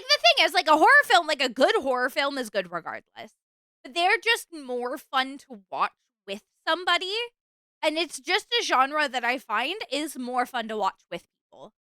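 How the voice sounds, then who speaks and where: A young woman streamer chatting casually with her viewers, rambling and animated. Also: high voice, dry recording. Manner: chatty, rambling, animated, with fillers and bursts of exasperation.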